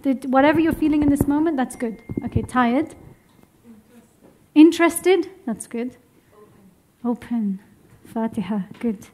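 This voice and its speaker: Young woman leading a class, high and lively, encouraging, chuckles easily. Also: measured pace, a little hiss or hum. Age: young adult. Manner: lively, encouraging, laughs often. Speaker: womb health teacher. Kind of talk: workshop teaching to a live group. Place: room with a seated group.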